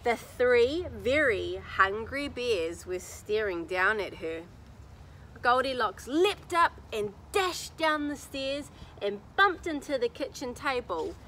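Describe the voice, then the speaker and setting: Animated woman reading a children's story. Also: a little high, takes it slowly, a little hiss or hum. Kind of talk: reading a picture book aloud to children. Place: garden, outdoors.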